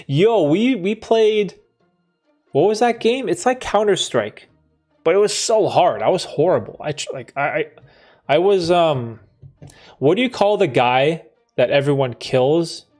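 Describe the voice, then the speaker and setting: A man in his thirties hosting a live stream, reading out chat comments and answering them in a relaxed, chatty way, laughing often and restarting his sentences. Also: on the high side. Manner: laid-back, laughs often, trails off and restarts. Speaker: livestream host answering chat.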